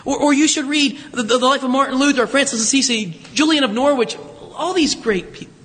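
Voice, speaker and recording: Animated high-voiced male preacher. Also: a little fast, in a large hall. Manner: conversational, animated, joking asides to the congregation. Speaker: pastor. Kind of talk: sermon.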